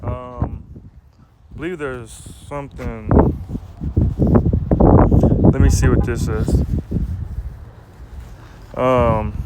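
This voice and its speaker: A man preaching informally and reading scripture aloud, casual and halting, often ending lines with "man," recorded outdoors in a city. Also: mid-range voice. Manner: casual, repeats "man" at line ends, halting fillers. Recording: loud wind and traffic noise outdoors.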